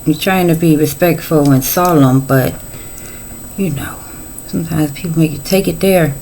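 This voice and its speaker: Gravelly-voiced middle-aged woman reading tarot. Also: low-pitched, moderate pace, mellow, slight background noise, poor audio. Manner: chatty, folksy, playful asides. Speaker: tarot reader.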